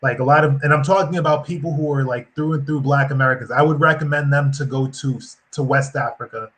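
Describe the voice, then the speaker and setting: A man answers a question as a guest on a casual panel. He opens with false starts and ums, then states his view directly. His voice sits at an ordinary middle pitch for a man. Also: fairly even intonation, quick pace, fairly bright tone, low-quality recording.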